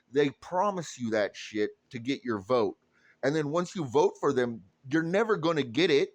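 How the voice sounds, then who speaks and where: A man's voice: medium pitch, expressive, normal speed, dry recording. Blunt, profane man ranting. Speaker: political commentator. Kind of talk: ranting monologue to camera.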